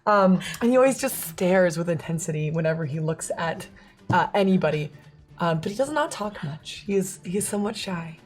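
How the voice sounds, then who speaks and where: A woman's voice: on the low side, lively intonation, normal speed, faint music behind. A tabletop player, a woman who describes her character in a playful, dramatic way.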